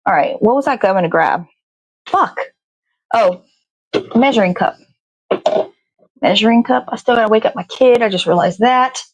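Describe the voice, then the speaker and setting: A woman's voice: fairly high pitch, lively intonation, moderate pace, long pauses, dry recording, dull audio. A woman hosting a morning show, chatting casually and rambling to herself as she bakes in her kitchen, swearing freely. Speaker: host. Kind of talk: casual chat while baking. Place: home kitchen.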